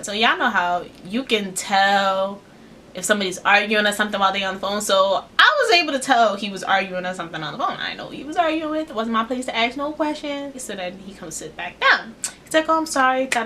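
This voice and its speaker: A young woman telling a casual storytime vlog in slangy, run-on sentences, acting out quotes with big jumps in pitch. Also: lively intonation, a little fast, bright, forceful tone, slight background noise. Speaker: vlogger.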